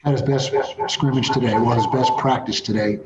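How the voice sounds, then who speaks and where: A male football head coach answering reporters in a steady, assured way. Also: medium pitch, normal speed. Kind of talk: press conference answers. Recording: dull audio with background noise.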